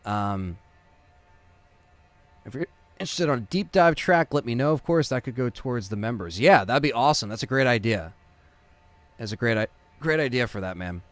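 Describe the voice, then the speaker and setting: A man's voice: medium pitch, lively intonation, normal speed, long pauses, no echo. A man hosting a gaming livestream, rambling through thanks to viewers and plans for the next streams, with the hiccups and lots of fillers. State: has the hiccups. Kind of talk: casual stream sign-off chat.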